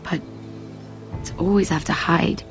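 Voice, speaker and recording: An actress playing an earnest young handmaiden at a royal court in a video game, speaking softly and confidingly. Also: female voice, on the low side, fairly even intonation, unhurried, over music. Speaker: game character. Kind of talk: voiced video game dialogue.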